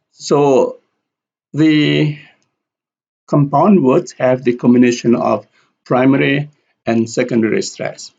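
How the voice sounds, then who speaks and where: Slow, gravelly male English teacher. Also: medium pitch, darkish tone, highs cut off. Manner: repeats example words carefully. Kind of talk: slow explanatory lesson with spoken examples.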